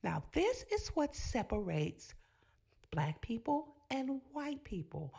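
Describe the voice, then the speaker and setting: Sassy woman host riffing on clips to camera, pitch all over the place. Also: slow, vocal fry, breathy edge. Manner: sassy, animated, talks straight to viewers. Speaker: reaction video host. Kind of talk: casual reaction commentary.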